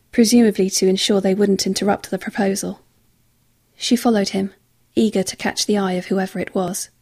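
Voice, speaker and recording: A woman narrating an audiobook in measured, quietly tense tones. Her voice is husky and gravelly, with a dark, mellow colour. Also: medium pitch.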